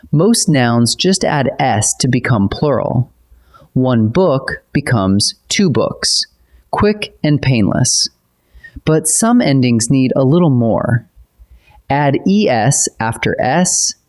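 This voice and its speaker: Guy teaching spelling rules real slow, patient, spells letters out one by one. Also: medium pitch. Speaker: grammar teacher. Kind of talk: scripted lesson narration.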